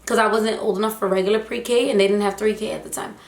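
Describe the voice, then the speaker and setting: A young woman vlogger telling a story in a casual, animated, slangy and emphatic way. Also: mid-range voice, fast talker, vocal fry. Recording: roomy echo.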